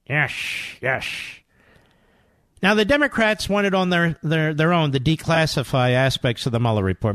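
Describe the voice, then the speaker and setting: A man's voice: a little high, expressive, moderate pace, fairly bright tone, dry recording, studio quality. A man hosting a political talk radio show, commenting in a sarcastic, mocking way and breaking into exclamations.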